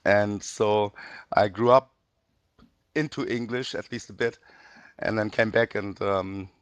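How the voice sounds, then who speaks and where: A man's voice: fairly low pitch, fairly even intonation, measured pace, clean tone, dry recording. A man hosting a casual interview, hesitant and full of restarts. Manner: hesitant, many restarts and fillers. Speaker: interview host.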